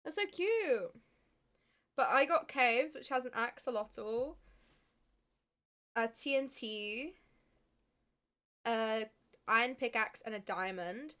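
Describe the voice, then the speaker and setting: A young woman chats on a live stream, with a bright voice that sits a little high. She talks loosely to her viewers, swears freely and laughs easily. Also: lively intonation, takes it slowly, long pauses. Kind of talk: casual live-stream chat.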